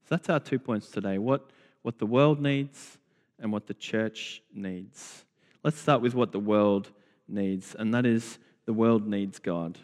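Man, slow deliberate sermon, long church reverb. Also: on the low side, a little mellow. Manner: slow, deliberate, with repeated phrases. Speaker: preacher.

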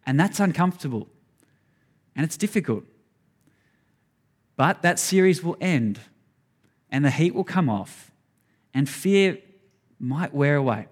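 A man's voice: fairly high pitch, animated, measured pace, pauses often. A man preaching a sermon, earnest and conversational, speaking straight to his congregation. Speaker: pastor.

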